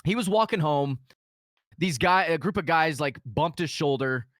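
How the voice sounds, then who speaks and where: Animated profane male storyteller. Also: a little high, normal speed, no echo, studio quality. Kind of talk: casual storytelling chat.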